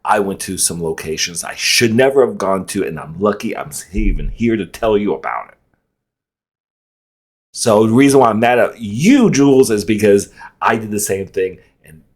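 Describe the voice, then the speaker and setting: A man hosting a reaction video, rambling, joking and interrupting himself as he comments. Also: lowish voice.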